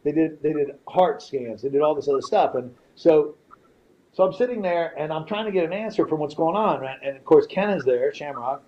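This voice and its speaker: A man's voice: fairly high pitch, animated, brisk. A man speaks in a slightly raised voice and tells a story to podcast hosts in blunt, cursing language, stumbling over repeated words. The recording is dull and lo-fi, with a faint hiss underneath. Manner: profane, blunt, repeats himself while telling a story. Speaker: podcast guest, retired fighter. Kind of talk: casual storytelling.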